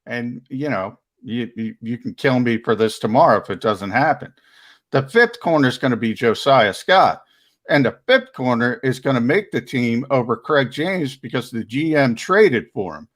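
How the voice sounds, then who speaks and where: Male sports analyst, mid-pitched, opinionated, talky; casual roster debate. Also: expressive, normal speed. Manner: opinionated, restarts often.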